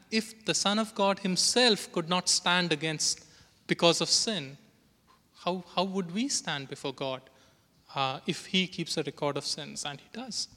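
A man's voice: on the high side, pushed and bright. A man preaching a sermon, earnestly reading scripture aloud with emphasis. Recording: long hall reverb.

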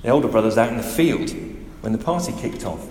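A preacher with a mid-range voice delivers an animated sermon at a quick pace, his tone rising and falling as he emphatically presses his points and asks the congregation direct questions. His words echo through a large hall with a long reverb tail and faint background ambience.

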